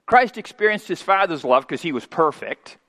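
Folksy preacher in his fifties, high voice. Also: expressive, moderate pace. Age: 50s. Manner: swings from quiet asides to loud preaching; folksy, homespun asides. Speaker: pastor. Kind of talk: sermon. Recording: long hall reverb.

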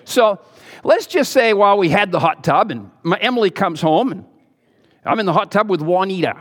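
Folksy preaching pastor, reverberant hall. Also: male voice, expressive, normal speed. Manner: preaching, swinging between low asides and loud exhortation; folksy, joking storyteller. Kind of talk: sermon.

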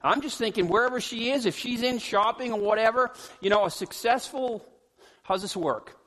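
Male pastor, middle-aged, high voice, lively joking sermon with hollers, church hall reverb. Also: moderate pace. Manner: animated, jokes with the congregation, hollers. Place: church sanctuary.

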